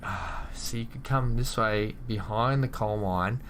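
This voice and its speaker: Casting: male gaming host, lower voice, chatty muttering play-by-play to the game. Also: unhurried, fairly bright tone, a little hiss or hum. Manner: mutters to himself and talks to the game pieces. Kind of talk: casual gameplay commentary.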